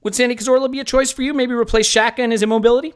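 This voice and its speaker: A man's voice: very high-pitched, steady tone, very fast, clean tone. A man hosting a live sports podcast, jokey and rambling. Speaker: podcast host.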